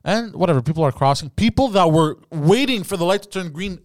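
A man's voice: high-pitched, lively intonation, fairly quick, no echo, clean studio sound. A man, co-hosting a podcast and telling profane stories in casual chat. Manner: profane storytelling, yelling in quoted outbursts. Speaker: podcast co-host.

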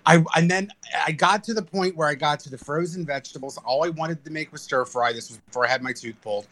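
A man in casual podcast chat, telling animated stories and swearing freely. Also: a little high, fast talker.

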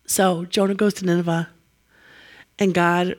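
A woman preaching a sermon, telling the story in a lively way and acting out the quotes. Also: on the low side, measured pace.

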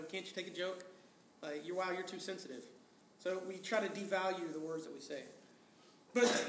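A man's voice: sits high, fairly bright tone, echoey room, a little hiss or hum. A man preaching a sermon as pastor, talking in a conversational way, asking the congregation rhetorical questions and acting out quotes.

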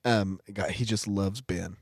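A man in his thirties, a father of young kids, telling lively stories in casual chat and laughing along. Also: deep voice, measured pace, husky, no echo, clean studio sound. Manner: animated, laughing storyteller.

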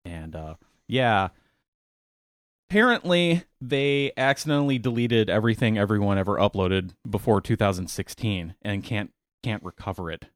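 A man's voice: lowish voice, animated, moderate pace, no room sound. Podcast co-host, male, casual and wordy, sarcastic, dry booth sound. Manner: chatty, searching for words, sarcastic asides. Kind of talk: casual chat.

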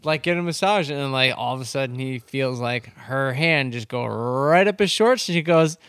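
Guy in a casual chat telling a story all animated, doing little voices, normal pitch, dry close sound. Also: normal speed, smooth, no room sound. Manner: animated anecdote teller, acts out voices in stories.

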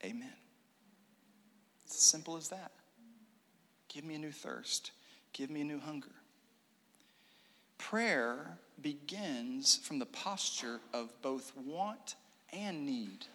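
A man preaching a sermon in a church room, animated, with joking asides and hushed prayer. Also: on the high side, slow, long pauses. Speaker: pastor. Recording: long reverb of a hall.

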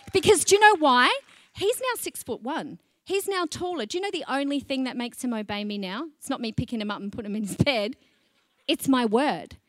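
A middle-aged woman pastor, preaching a sermon in a chatty, lively way and laughing between points. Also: high voice, no echo.

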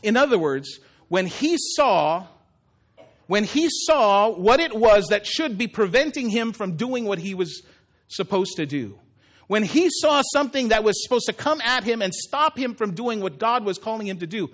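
A man's voice: sits high, expressive, moderate pace, fairly bright tone. A male pastor delivering a conversational sermon in church, acting out the words of the story as he goes. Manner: conversational preaching, acts out Jesus' words.

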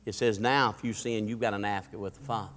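A man's voice: on the low side, steady tone, quick pace, fairly bright tone. A man preaching a sermon in a fervent, folksy way and telling a story from the pulpit. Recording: long hall reverb.

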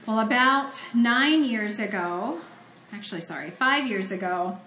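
A woman's voice: a little high, unhurried, sharp tone, reverberant, slight background noise. A woman from Ohio giving a conversational, earnest sermon that mixes scripture reading with personal storytelling. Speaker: preacher.

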